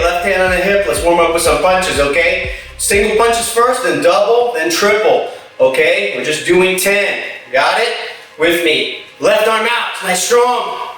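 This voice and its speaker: A cheerful male martial arts instructor talks his students through warm-ups, loudly counting reps. His voice is high and bright, and his slow delivery is drawn out. He sounds distant in a very echoey room, with faint music playing behind him. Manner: upbeat, encouraging, playful; loud counting and shouted kiai. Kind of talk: at-home workout class, counting reps.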